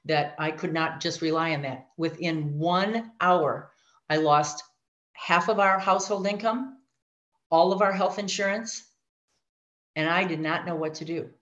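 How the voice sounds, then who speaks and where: A middle-aged woman sharing her life story, animated, acting out voices and speaking asides to her listeners. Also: on the low side, unhurried. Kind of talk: personal testimony talk. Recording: dull lo-fi audio.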